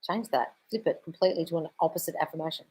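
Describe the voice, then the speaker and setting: A woman's voice: low voice, racing, dark tone, slightly rough. Blunt woman on a live q&a, swearing, answering chat, calls people darling. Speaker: manifestation coach. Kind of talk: live-stream Q&A reading chat.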